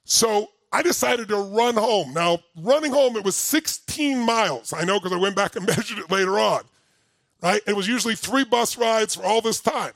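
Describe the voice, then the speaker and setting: High-pitched gravelly man, emphatic speaker. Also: normal speed, dry recording. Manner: animated, emphatic storytelling that rises to near-shouting. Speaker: motivational speaker. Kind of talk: live seminar talk to an audience.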